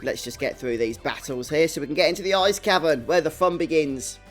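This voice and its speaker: A man's voice: a little high, fairly quick, a bit bright. Brief: young Brummie man, game streamer, slightly raised voice, chatty and self-mocking with chat, faint game music under him. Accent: Birmingham (Brummie). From England. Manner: chatty, reads and answers chat viewers; self-deprecating, laughs often. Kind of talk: live stream game commentary.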